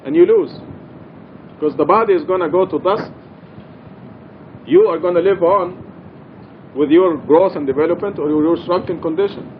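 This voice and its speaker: A man's voice: normal speed, long pauses. A middle-aged man giving an informal, earnest religious study talk in a mosque, explaining and emphasizing his points. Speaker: Quran study teacher. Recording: dull lo-fi archival recording with faint rumble.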